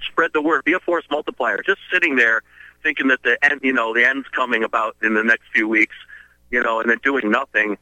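Talk radio host, male, tense bright delivery, rallying listeners to act. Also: mid-range voice, brisk, dry recording, poor audio. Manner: urgent, preachy activist rallying listeners. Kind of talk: casual call-in radio talk.

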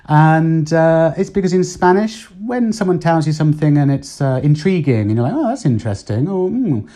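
A man's voice: fairly high pitch, lively intonation, moderate pace, dark tone. A man from the UK who lives in Spain, hosting a casual solo podcast, thinking aloud with plenty of ums and uhs. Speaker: podcast host.

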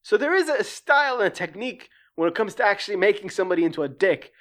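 Sarcastic, rambling show reviewer. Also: quick pace. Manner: animated, pitch climbing when worked up. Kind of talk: casual spoken review.

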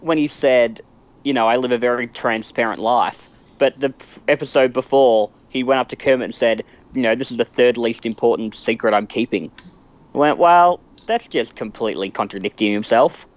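A man's voice: mid-range voice, moderate pace. Enthusiastic man on slightly dull audio. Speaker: podcast co-host. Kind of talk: casual podcast discussion.

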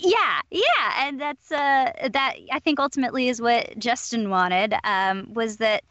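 A woman's voice: fairly high pitch, animated, unhurried, fairly bright tone, no room sound, muffled recording. A young woman from Southern California with a Valley Girl accent, a voice actress chatting in an interview, bubbly and upbeat with lots of fillers. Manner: bubbly, upbeat, laughs often, many fillers. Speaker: voice actress guest. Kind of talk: casual interview talk.

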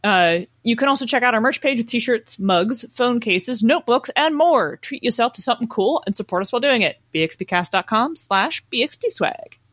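A woman's voice: a little high, lively intonation, a little fast, hardly any pauses, fairly bright tone, no room sound. A young adult woman co-hosting a podcast, dry and wry, chatting and reading sponsor spots. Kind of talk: casual podcast chat and ad reads.

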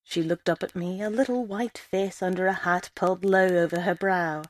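A woman reading a first-person story aloud in a measured storytelling way. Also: lowish voice, fairly even intonation. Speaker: story reader.

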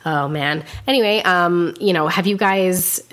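Speaking at a measured pace, this podcast co-host has a fairly low, fairly bright voice. Her casual chat is sarcastic and packed with fillers.

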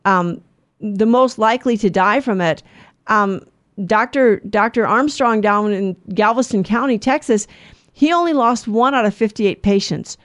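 An older woman co-hosting a Christian talk show, telling stories in an earnest, animated way with frequent restarts. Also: mid-range voice, measured pace. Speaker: co-host. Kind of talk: casual conservative Christian talk show chat.

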